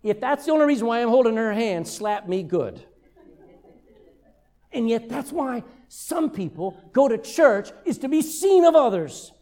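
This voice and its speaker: A man's voice: very high-pitched, normal speed, hardly any pauses. An older man preaching a sermon as a pastor, telling stories with humor. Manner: humorous, lively storytelling.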